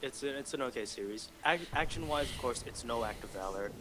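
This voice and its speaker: A man's voice: medium pitch, lively intonation, fairly quick, a bit bright. A young man from Malaysia with an American accent, chatting casually and sardonically while gaming on a stream. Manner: rambling, anecdotal, sardonic. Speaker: streamer and host.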